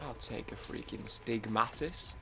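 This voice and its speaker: A young man commenting casually on his own gameplay, rambling and excitable, with frequent restarts. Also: on the low side, a little slow, creaky, background noise. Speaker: gaming YouTuber. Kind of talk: casual let's-play commentary.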